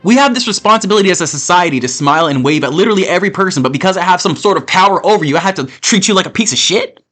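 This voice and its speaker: A man hosting a gaming channel, ranting in a profane and animated way, often repeating himself as he builds his point. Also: sits high, rapid-fire, faint music behind. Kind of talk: ranting commentary over gameplay.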